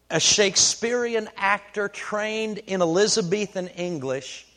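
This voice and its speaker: High-voiced man preaching a folksy sermon. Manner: folksy, unhurried storytelling with many fillers. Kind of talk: sermon with storytelling.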